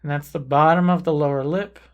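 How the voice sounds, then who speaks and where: Gravelly-voiced man teaching painting. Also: on the high side, highs cut off. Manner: calm, unhurried, thinking aloud while painting. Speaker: painting instructor. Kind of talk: relaxed painting tutorial narration.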